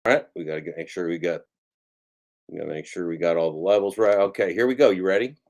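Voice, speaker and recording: A man hosting a comic karaoke livestream, rambling and halting, who talks about himself in the third person with mock-grandiose showman patter. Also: deep voice, steady tone, darkish tone. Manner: rambling, halting, restarts mid-phrase. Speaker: karaoke stream host.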